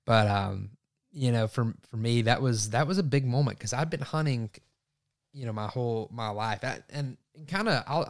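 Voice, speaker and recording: Guy, young, telling a hunting story on his podcast, gets animated, plays out his thoughts. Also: medium pitch. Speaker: podcast host. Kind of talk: casual storytelling.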